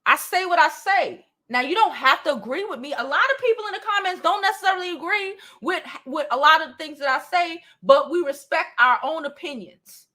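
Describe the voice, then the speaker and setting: A woman's voice: sits high, brisk, few pauses, bright, forceful tone. A woman in her forties hosting a beauty livestream, reading out comments and replying bluntly and directly, swearing freely. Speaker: beauty channel host.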